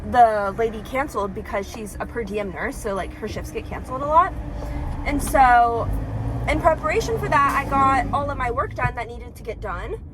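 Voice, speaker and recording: A woman's voice: fairly high pitch, moderate pace, noisy background. A woman in her twenties talking casually in a vlog, chatty and full of "like", acting out what people said. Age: 20s. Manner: chatty, lots of "like", acts out quotes. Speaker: vlogger.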